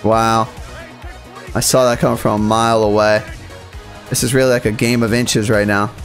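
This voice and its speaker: A young man commentating his own video game match, muttering plays quietly and then yelling at the big moments. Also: lowish voice, level tone, normal speed, faint music behind. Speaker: gaming YouTuber. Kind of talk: live gameplay commentary.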